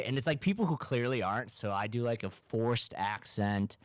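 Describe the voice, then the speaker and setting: A man from Massachusetts hosting a casual comedy podcast, rambling in a deadpan, ironic way with lots of "like". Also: medium pitch, moderate pace, hardly any pauses, no room sound, studio quality. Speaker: podcast host.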